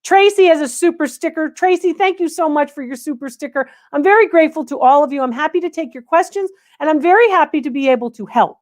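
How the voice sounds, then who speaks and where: A woman's voice: high voice, fast, few pauses, a little mellow. A woman hosting a live antiques Q&A, chatting to viewers in an emphatic way and repeating phrases for stress. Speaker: antiques appraiser and livestream host. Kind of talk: live Q&A chat reading viewer comments.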